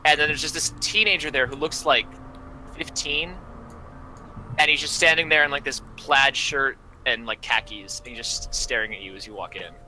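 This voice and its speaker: A man's voice: medium pitch, moderate pace, sharp tone, a little hiss or hum, low-quality recording. A young man narrating as game master, rambling through descriptions with many fillers.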